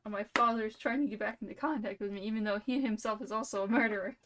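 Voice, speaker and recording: A woman's voice: mid-range voice, very fast, fairly bright tone, lightly acted. A woman voicing a mopey grieving chess-piece man. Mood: self-pitying.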